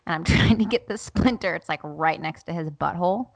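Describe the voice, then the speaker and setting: A woman in her thirties with a lowish voice tells a story in casual podcast chat. She is animated, laughs often, and acts out what others said. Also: fairly quick, vocal fry. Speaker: podcast co-host.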